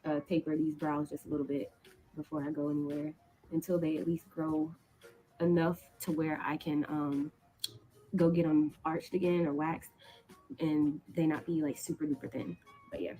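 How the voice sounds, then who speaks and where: A woman's voice: low voice, flat delivery, normal speed, dark tone, rough recording. A woman who is a teacher, vlogging casually from her apartment with a chatty, rambling manner full of ums and likes. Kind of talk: casual vlog to camera. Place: apartment, indoors.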